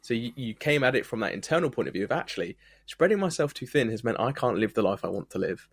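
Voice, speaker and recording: A man's voice: medium pitch, very animated, quick pace, slightly rough, no room sound. A man co-hosting a podcast, talking through ideas thoughtfully and building his points with examples. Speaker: podcast co-host. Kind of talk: reflective podcast conversation.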